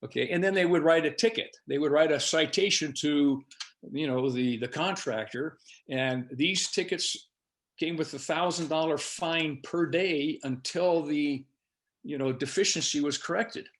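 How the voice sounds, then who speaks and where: A man's voice: fairly high pitch, measured pace, fairly bright tone. Older man telling a rambling story. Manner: rambling, hesitant, full of uhs. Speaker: instructor. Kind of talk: storytelling in a class.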